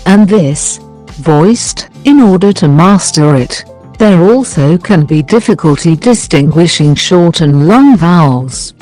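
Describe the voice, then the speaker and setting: A narrator reading a scripted English lesson, working through numbered points and example sentences in a measured way. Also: mid-range voice, darkish tone, low-quality recording. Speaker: English teacher.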